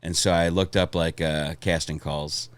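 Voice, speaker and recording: Guy w a low voice rambling thru stories, swears a lot, dry close sound. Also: level tone, measured pace, no room sound. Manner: rambling storytelling, laughs often, swears. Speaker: comedian guest. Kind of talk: casual podcast chat.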